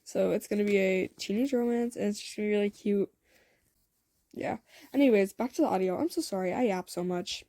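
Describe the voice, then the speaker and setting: A young woman tells a homemade love story in a loose, rambling chat, trailing off into fillers and little laughs. Her voice is mellow and warm at a middle pitch. The recording is dry and close. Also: a little fast, dry recording. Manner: rambling, filler-heavy, giggly. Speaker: fan audio story creator. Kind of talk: casual storytelling narration.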